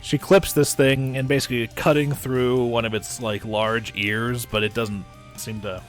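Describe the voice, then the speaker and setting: A man's voice: medium pitch, little pitch movement, a little slow, soft background music. A man running a tabletop game as game master, describing the action casually with many restarts. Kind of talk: narrating and ruling a tabletop game.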